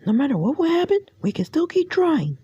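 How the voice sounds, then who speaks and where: A woman performs a cheerful young male cartoon cat inventor with a very high, bouncy voice that swoops up and down. He talks in an unhurried, excitable way, always cheering his friends on. The sound is dry and close, with a mellow tone. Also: no room sound, lo-fi sound. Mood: upbeat. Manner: upbeat, encouraging, excitable. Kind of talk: fan voice clips of a cartoon character.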